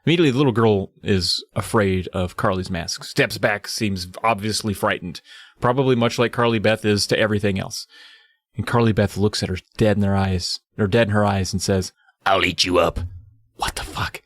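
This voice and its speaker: A man co-hosting a podcast, casually recapping a book, animated and swearing as he acts out scenes. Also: lowish voice, a little fast, no echo, clean studio sound. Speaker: podcast co-host.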